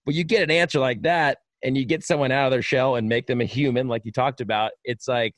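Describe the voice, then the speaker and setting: A podcast host and radio broadcaster tells stories with emphasis and enthusiasm in casual conversation. He talks fast in a mid-range voice, with no room sound.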